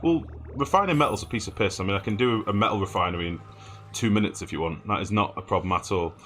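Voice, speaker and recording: A man's voice: fairly low pitch, fast, fairly bright tone, a little hiss or hum. A man chatting casually and swearing freely while he streams a game and answers chat. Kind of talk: casual gameplay commentary.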